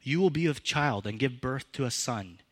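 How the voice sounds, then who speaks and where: A man preaching a sermon as pastor, with expressive, emphatic delivery that rises and falls in pitch and loudness. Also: normal speed.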